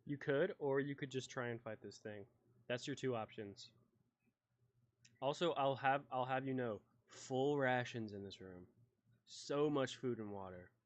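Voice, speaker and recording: A man's voice: medium pitch, a little slow, muffled recording. A man running a tabletop game as game master, casual and explanatory with fillers.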